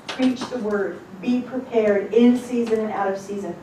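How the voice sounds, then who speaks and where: A woman teaching a congregation as rebbetzin. She gives an informal sermon, reading scripture slowly and then talking bluntly and casually. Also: mid-range voice, steady tone. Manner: emphatic and blunt, shifting between slow scripture reading and quick casual talk. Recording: echoey room, distant mic, noisy.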